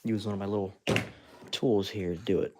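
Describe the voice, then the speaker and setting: A man's voice: on the low side, fairly even intonation, brisk, noisy background. A man hosting a casual live stream, chatting and laughing as he works with his hands and talks to viewers. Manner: chatty, laughs often, narrates while working with his hands; talks to fans and reads out chat. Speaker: live-stream host sculpting with clay.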